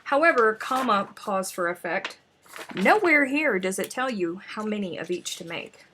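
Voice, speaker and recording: A crochet livestream host chats casually and mutters to herself while hunting for her notes, coming across as scatterbrained. Her mid-range voice is expressive and sharp in tone at a normal speed, with slight background noise.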